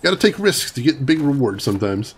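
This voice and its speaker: A man comments on his game for viewers in a casual let's-play stream, reading chat and laughing often. He talks fairly quickly in a mid-range voice with big pitch swings and a breathy edge.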